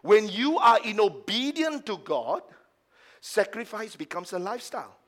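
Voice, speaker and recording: High pitched guy preaching at church, goes soft then booms out, mocks peoples excuses. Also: very animated, moderate pace. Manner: swings from hushed, low asides to loud, emphatic preaching; acts out the lines of doubters in a mocking tone. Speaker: pastor. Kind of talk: sermon. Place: church service.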